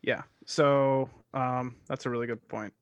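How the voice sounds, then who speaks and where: A man's voice: medium pitch, steady tone, a little slow, smooth, dry recording, highs cut off. A man co-hosting a casual podcast, joking around and teasing his co-host. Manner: joking, apologetic, playful teasing. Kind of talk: casual chat. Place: podcast room.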